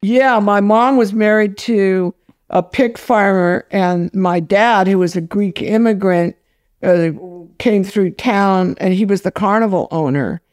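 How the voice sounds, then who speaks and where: Here the same kind of guest, an older woman film director in a casual interview, spins blunt, salty stories punctuated by laughter. She has a medium-pitched, darkish voice and talks a little slowly, recorded cleanly in a studio without echo.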